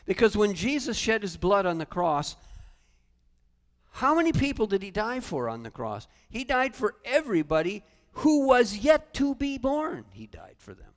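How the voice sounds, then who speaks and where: Male pastor, animated sermon, humorous asides, high-pitched, long reverb of a church hall. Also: normal speed. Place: church sanctuary.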